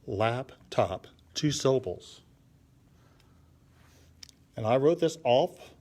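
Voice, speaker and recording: Slow, patient man teaching kids. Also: medium pitch, lively intonation. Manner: patient, counts syllables aloud, thinks while drawing. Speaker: art and poetry instructor for kids. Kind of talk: live-streamed lesson.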